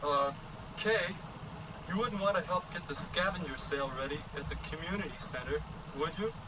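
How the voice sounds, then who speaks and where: Brief: actor playing an earnest, high-voiced 1950s teen boy, hissy film track from a distance. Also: a little fast, close to an everyday voice. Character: nervous teenage boy asking a girl out, 1950s. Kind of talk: 1950s educational film acting. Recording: noisy old film soundtrack from afar.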